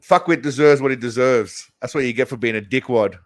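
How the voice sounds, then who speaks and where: A man's voice: medium pitch, brisk. Crude, rambling man reacting to clips. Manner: crude, rambling, heavy swearing. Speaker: host reacting to videos. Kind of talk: casual reaction commentary.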